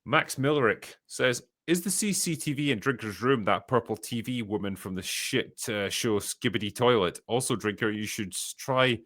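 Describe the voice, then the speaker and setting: A man's voice: medium pitch, normal speed, few pauses, a bit bright, no room sound. A Scottish man hosting a casual podcast, reading viewer messages aloud and answering with dry, profane, sardonic remarks. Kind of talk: casual chat.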